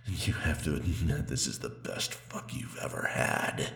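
A man voicing a seductive male demon spirit who has taken over a man's body, speaking in a slow, low, intimate murmur for an adult audio role-play. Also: vocal fry, a bit bright, roomy sound, full character voice.

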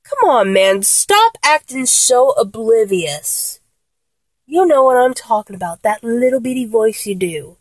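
A woman's voice: fairly high pitch, very animated, a little slow, slightly rough, dry recording, exaggerated voice. A young woman voice actor playing a flustered, blunt young woman in a one-sided audio role-play, exasperated, stammering and swearing.

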